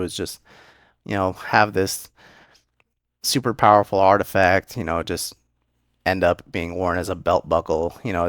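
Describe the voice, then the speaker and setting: A man's voice: sits low, no echo, clean studio sound. A young man casually recapping and reviewing an anime episode in a rambling, conversational way with many fillers.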